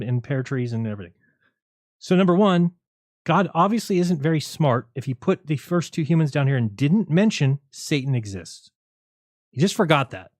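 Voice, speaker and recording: Male livestream host with a rapid, argumentative monologue and a sarcastic edge. Slightly high voice, dry room. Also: darkish tone, dry recording.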